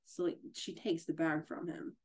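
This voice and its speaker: A woman co-hosts a relaxed book podcast. Her low, flat voice has a dark, mellow tone. She talks haltingly, full of fillers and restarts. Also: breathy edge. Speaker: podcast co-host. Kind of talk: casual book discussion.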